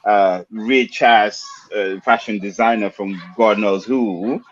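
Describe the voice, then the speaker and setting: A man's voice: fairly low pitch, fairly even intonation, takes it slowly. A man on a discussion panel, arguing his points step by step. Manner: argumentative, building points step by step. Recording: muffled audio.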